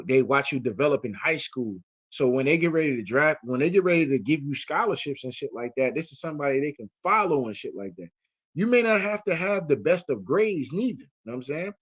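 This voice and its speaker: A man's voice: mid-range voice, breathy edge. A man hosting casual commentary, telling a story in a profane, rambling way full of fillers. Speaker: host. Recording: muffled lo-fi audio.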